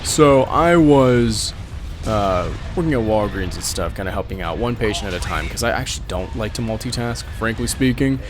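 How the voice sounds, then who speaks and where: A man's voice: on the low side, lively intonation, moderate pace. A man hosting a gaming channel, rambling through a long story while giving orders in a strategy game, laughing often and breaking off mid-thought. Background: game music.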